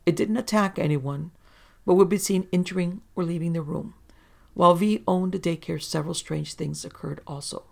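Story narrator, mid-pitched with heavy vocal fry, steady and calm reading delivery. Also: moderate pace. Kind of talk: reading first-person encounter stories aloud.

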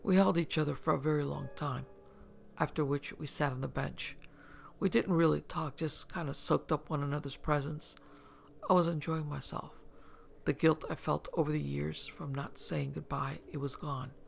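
A man telling a first-person story in a soft, measured voice that turns hushed at times. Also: on the high side, fairly even intonation, vocal fry, a little hiss or hum. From upstate New York. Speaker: narrator.

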